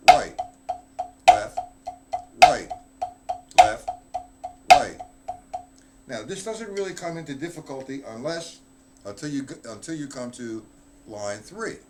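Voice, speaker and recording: A man's voice: medium pitch, a little hiss or hum. A man giving a live drum lesson, talking bluntly and offhand while he counts out stickings aloud. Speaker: drum teacher.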